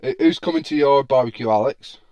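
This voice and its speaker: A man's voice: medium pitch, brisk, dark tone, no room sound. Chatty man hosting a podcast. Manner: chatty, laughs often, many fillers. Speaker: podcast host. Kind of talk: casual football podcast chat.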